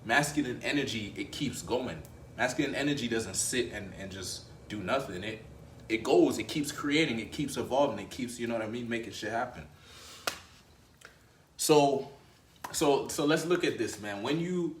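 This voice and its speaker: A man's voice: medium pitch, expressive, moderate pace, roomy sound, slight background noise. A man talking as a dating coach in a casual, emphatic, slangy manner, often repeating and restarting phrases. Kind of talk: casual motivational talk to camera.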